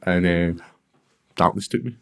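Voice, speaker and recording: A Scottish man with a fairly low voice tells stories as a podcast guest. He is animated, acts out other people's voices and swears without a second thought. The talk is relaxed and chatty. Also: a little slow, creaky. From Scotland. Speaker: guest, professional fighter. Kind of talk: casual storytelling in a podcast interview.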